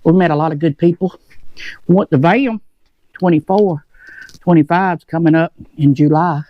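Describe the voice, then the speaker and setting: Eating as he chats, a man who hosts a motorcycle vlog rambles on from his home shed at normal speed, mouth full. His slightly high voice comes through in a dry recording with dull audio.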